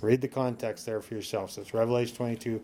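A man with a mid-range voice teaches from the pulpit, talking listeners through each step as if coaching them, and keeps checking in with a quick "okay?". He slows to a careful reading pace whenever he quotes scripture. A faint hiss sits under the recording. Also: mid-range voice, steady tone, mellow. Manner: slows down to read scripture aloud. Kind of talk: teaching sermon.

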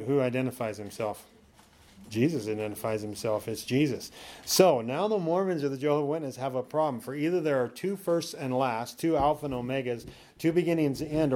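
A man teaching a sermon in a conversational, coaching way, often checking in with "okay?" and slowing down to read scripture aloud. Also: medium pitch, a little mellow.

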